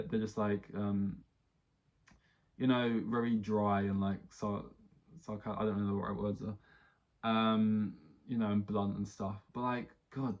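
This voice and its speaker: Alone on the mic, a podcast host rants casually and exasperatedly, piling on swear words and rambling restarts. His voice is on the low side, and the sound is lo-fi.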